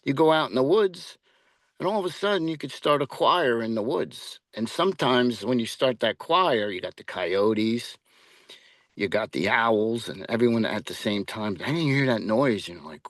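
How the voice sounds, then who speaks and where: A man's voice: medium pitch, animated, moderate pace, dry recording. A man being interviewed as a paranormal investigator, chatting casually and rambling, with lots of fillers and restarts.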